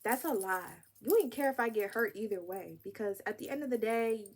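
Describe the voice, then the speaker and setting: A woman in her twenties telling a story to camera in a casual, animated and wry vlog style. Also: mid-range voice, brisk. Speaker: vlogger.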